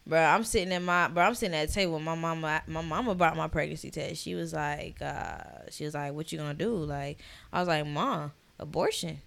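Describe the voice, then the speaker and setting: A young woman in casual chat, expressive and swearing, laughing as she tells a story. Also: deep voice, fairly quick, gravelly.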